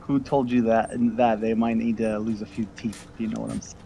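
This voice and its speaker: A man's voice: on the low side, level tone, brisk, gravelly, warm tone, slight background noise, rough recording. A man voicing a crude, threatening male halfling thug from a crime clan, in a tabletop game. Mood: menacing.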